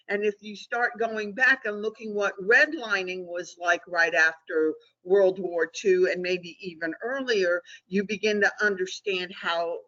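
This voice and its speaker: A woman's voice: medium pitch, fairly bright tone. A middle-aged woman presenting an online training webinar, talking conversationally and often checking in with "okay?". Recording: dull lo-fi webinar audio.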